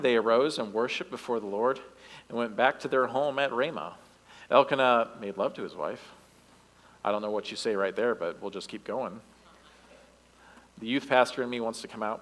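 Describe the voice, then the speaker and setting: Male youth pastor, mid-pitched voice, reads scripture in church and adds quips, long hall reverb. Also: a bit bright. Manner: reads the passage aloud and breaks in with joking asides. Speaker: youth director preaching. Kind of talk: sermon reading scripture with asides. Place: church sanctuary.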